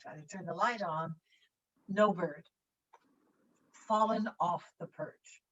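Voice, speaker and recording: An older actress telling an anecdote as a guest in a virtual conversation, animated and acting out voices and sounds. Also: female voice, lowish voice, slow pace, long pauses. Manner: animated storyteller who acts out voices and sounds. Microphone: video call. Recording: dull distant video call audio.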